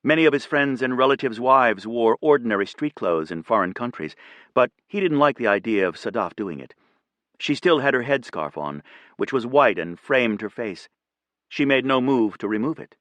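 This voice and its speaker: A man narrating an audiobook in an even, measured reading on a close studio mic. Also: medium pitch, no echo. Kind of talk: scripted narration.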